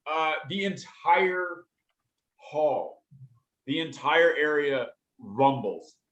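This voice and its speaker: A man narrating as game master for a tabletop game, halting with many fillers. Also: fairly high pitch, a bit bright, dull audio. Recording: roomy echo.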